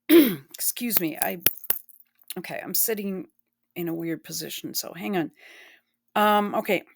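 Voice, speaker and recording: A woman's voice: fairly low pitch, animated, takes it slowly, vocal fry, long pauses, slight background noise. A woman giving blunt, profane and emotional commentary while reacting to news clips. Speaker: online commentator.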